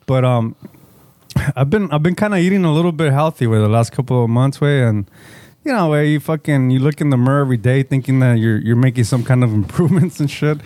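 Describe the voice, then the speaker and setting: A man co-hosting a podcast tells a rambling story in casual chat, swearing a lot and slipping into Spanish slang. His medium-pitched voice is dark in tone and fast, with no echo.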